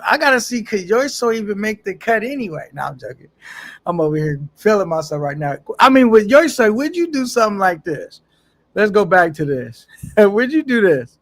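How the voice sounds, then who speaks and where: Chill guy on a livestream reading chat, gravelly voice, slangy, laughs a lot. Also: high voice, big pitch swings, normal speed. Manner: laid-back, slangy, laughs often. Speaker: live streamer. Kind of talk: casual livestream chat reading viewer comments.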